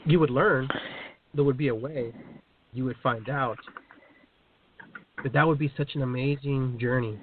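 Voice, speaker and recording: A man's voice: medium pitch, fairly even intonation, a little slow, pauses often. A man hosting a casual spiritual discussion, musing aloud and often repeating words while he thinks. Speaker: host. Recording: tinny phone-like line, faint hiss.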